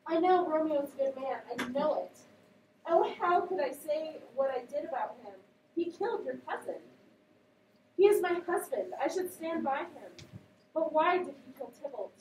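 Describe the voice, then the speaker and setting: A woman playing a grieving young girl, overwrought; high voice, recorded far off. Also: lively intonation, normal speed, a little mellow, slight background noise. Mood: anguished. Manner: wailing, overwrought. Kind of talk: reading a play aloud in class. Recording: echoey classroom, voice from a distance.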